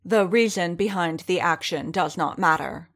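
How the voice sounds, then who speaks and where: A woman reading the lines of a stern, dispassionate female warrior leader with a low, dangerous edge. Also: moderate pace, a bit bright. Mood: cold.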